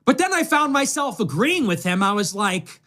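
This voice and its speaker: A man in a played clip of an online commentator, speaking with sarcastic, deadpan mockery. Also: sits high, normal speed.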